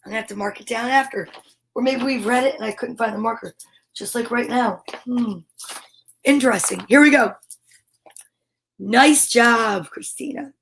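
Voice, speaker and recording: A woman with a high, bright voice hosts a pretend children's show from home. She talks with bubbly, exaggerated kid-show enthusiasm, speaking to her viewers as if they were children. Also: moderate pace, vocal fry, long pauses, breathy edge. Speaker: livestream host. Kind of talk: playful mock children's show hosting.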